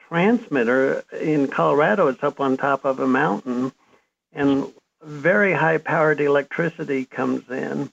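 Gravelly man telling his life story. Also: fairly high pitch. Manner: reflective, earnest storyteller. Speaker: interview guest, author. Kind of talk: storytelling interview answer. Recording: dull lo-fi sound.

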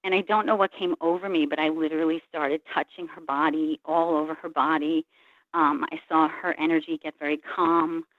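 A woman's voice: deep voice, steady tone, normal speed, dry recording. Woman, reflective storyteller, acts out others' lines, tinny phone-line sound, dry. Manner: earnest, reflective, retells scenes by voicing others' words. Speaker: guest, Reiki practitioner. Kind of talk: personal storytelling in a call-in interview.

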